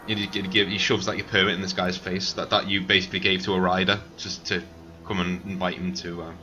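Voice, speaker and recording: Male game master, rambling halting narration, fairly low and very bright voice; dull call audio, faint music. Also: flat delivery. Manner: rambling, halting, lots of fillers.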